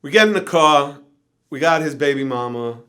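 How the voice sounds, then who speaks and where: A man as an interview guest, telling a wild, profane anecdote with animated energy that drops at times to a low, tired murmur. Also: normal speed, clear, resonant tone. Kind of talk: storytelling in an interview.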